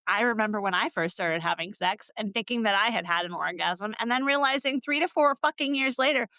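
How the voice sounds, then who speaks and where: A woman co-hosting a casual book-review podcast, sarcastic and animated, swearing freely and laughing often. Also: mid-range voice, fairly quick, dry recording. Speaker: podcast co-host.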